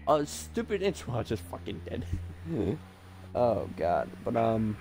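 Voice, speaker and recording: A man giving casual gameplay commentary as the host of a gaming channel, rambling, excitable and self-mocking, swearing often. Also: medium pitch, a little slow, slight background noise.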